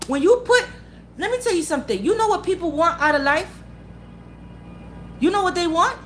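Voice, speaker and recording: A woman's voice: sits high, fairly bright tone, a little hiss or hum. A woman giving a blunt, profane motivational talk. She repeats her points and keeps asking the listener whether they follow. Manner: asks the listener for agreement again and again. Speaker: motivational vlogger. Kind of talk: unscripted motivational rant.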